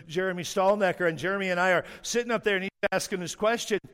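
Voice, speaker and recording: A man preaching a sermon, telling a story with animation and slowing down hard on the words he wants to stress. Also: sits high, a bit bright, smooth, big-room sound.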